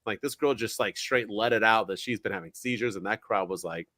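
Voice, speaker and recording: A man's voice: fairly low pitch, brisk, pushed and bright, no room sound. A man co-hosting a podcast, leading the segments in an upbeat, emphatic casual chat. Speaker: podcast co-host. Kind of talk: casual wrestling review chat.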